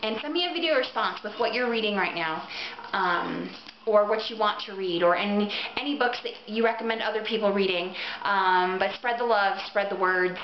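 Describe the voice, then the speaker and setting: A woman's voice: mid-range voice, normal speed, slight background noise. A woman recording a casual vlog, gushing earnestly about books she loves, with plenty of ums. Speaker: book vlogger. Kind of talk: casual book recommendation vlog. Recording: roomy, dull lo-fi webcam audio.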